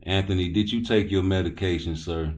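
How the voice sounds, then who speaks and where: A man's voice: low voice, fairly quick, a little mellow. A man hosting a live boxing talk stream, rambling loosely and cursing as he answers his chat. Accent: Baltimore. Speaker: boxing talk show host.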